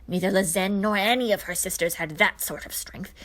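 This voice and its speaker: A woman's voice: mid-range voice, brisk, a bit bright, close to an everyday voice. Woman putting on a scornful old witch. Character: old female witch, cold and contemptuous.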